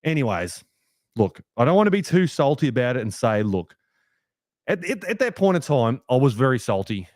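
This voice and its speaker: A young Australian man hosting a fan podcast, ranting heatedly with plenty of swearing, a little rough from a hangover. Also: mid-range voice, normal speed, dry recording, studio quality. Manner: heated, sweary rant with lively swings. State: hungover, rough voice. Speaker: podcast host. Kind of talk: fan podcast match review.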